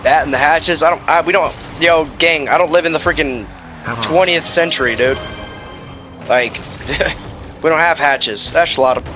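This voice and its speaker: A man streaming ranked gameplay, commenting live and trash-talking with sudden shouts. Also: a little high, normal speed, music in the background.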